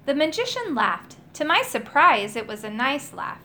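A woman reading a children's chapter book aloud in an expressive storytelling style. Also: sits high, moderate pace, a little hiss or hum. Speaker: audiobook reader.

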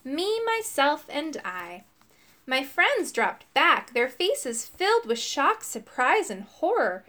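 A woman reading a children's book aloud in an expressive storytelling manner, changing her voice for the quoted lines. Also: sits high, slow pace. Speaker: audiobook reader.

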